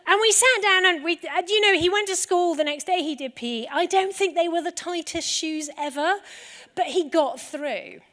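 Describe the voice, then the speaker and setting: A woman with a high voice gives a talk to a live audience. She tells stories in a lively way, and her voice rings out with a long echo in a large hall. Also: moderate pace. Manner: lively storytelling. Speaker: conference speaker.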